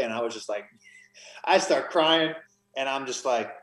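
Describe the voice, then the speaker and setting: A man's voice: mid-range voice, normal speed, a bit bright, echoey room, rough recording. A man, a podcast guest, telling his story in an earnest, emotional conversational way, often restarting his sentences. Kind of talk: conversational testimony.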